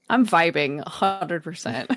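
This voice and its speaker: A woman's voice: fairly low pitch, a bit bright, dry recording. A woman playing a tabletop game, easygoing and giggly. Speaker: player. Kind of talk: tabletop role-play banter.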